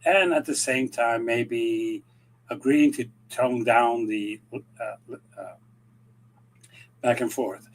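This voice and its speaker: A man giving rambling, animated political commentary in casual chat, acting out quoted conversations as he goes. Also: mid-range voice, slow, long pauses, a little hiss or hum, poor audio. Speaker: regular commentator.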